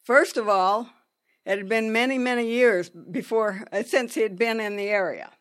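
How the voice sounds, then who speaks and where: A woman telling a personal story in an unhurried, halting way, with pauses and restarts. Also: a little high.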